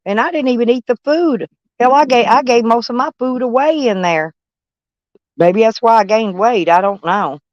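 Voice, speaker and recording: On a livestream, a woman host chats casually with her viewers, blunt, swearing freely and calling people honey. Her voice is fairly high and a little mellow at a normal pace, recorded with no room sound and the highs cut off.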